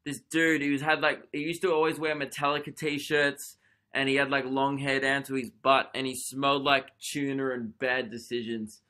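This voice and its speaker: A young Australian man, a comedian hosting his own podcast from his lounge room, rambling and mocking himself with quick asides. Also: mid-range voice, little pitch movement, sharp tone. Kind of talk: casual solo podcast rant. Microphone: desk podcast microphone.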